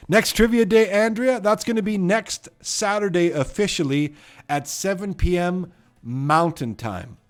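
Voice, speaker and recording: Hosting a trivia live stream, a Canadian-accented man speaks casually and rambles, his sentences frequently trailing off quietly. His voice sits high and he takes his time.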